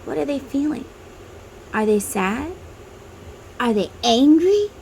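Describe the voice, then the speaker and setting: Lady tarot reader rambling thru a guided meditation, kinda high voice, bit of hiss behind. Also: animated, slow pace, gravelly, a little mellow, low-quality recording. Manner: chatty, tangents, addresses viewers as guys. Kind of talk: guided inner-child meditation.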